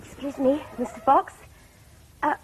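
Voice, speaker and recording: A woman's voice: sits high, steady tone, unhurried, slight background noise, low-quality recording. A woman playing a fussy, indignant lady customer in a children's TV skit, prim and complaining. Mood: shy.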